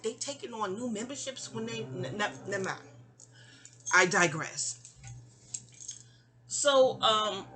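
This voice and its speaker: A woman's voice: a little high, bright, forceful tone. A young woman casually telling a personal story, chatty and digressive, often trailing off into asides. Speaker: audio diarist.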